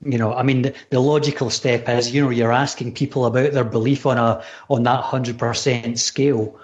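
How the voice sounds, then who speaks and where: A man with a Scottish accent hosting a casual livestream interview, teasing and joking as he fires off quick questions. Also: medium pitch, steady tone, lo-fi sound. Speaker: podcast host. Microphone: video call.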